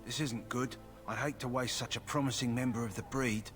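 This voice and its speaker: A man with a London accent voicing a calm, practical kennel master in a video game. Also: mid-range voice, fairly quick, faint music behind, natural voice. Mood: matter-of-fact. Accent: London English. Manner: steady, matter-of-fact.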